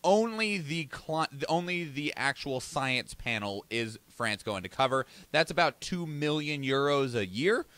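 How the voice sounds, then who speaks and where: A man's voice: a little high, big pitch swings, a little slow, hardly any pauses, a bit bright, no room sound. A young man with a faint Southern American accent co-hosting a podcast, reading news items and rambling through them with self-corrections and easy laughs. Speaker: podcast co-host. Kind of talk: casual news-reading chat.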